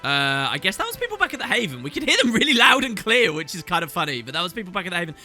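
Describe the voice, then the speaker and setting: A man's voice: wildly swooping pitch, rapid-fire, sharp tone, faint music behind. A man in his thirties narrating a video game playthrough, chatty and enthusiastic. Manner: enthusiastic, chatty, swoops in pitch. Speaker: let's play host. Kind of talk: game commentary.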